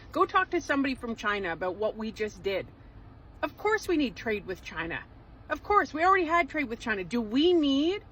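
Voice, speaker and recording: A woman's voice: a little high, fairly bright tone, slight background noise, rough recording. A woman, giving emphatic, sarcastic political commentary in a vlog. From Canada.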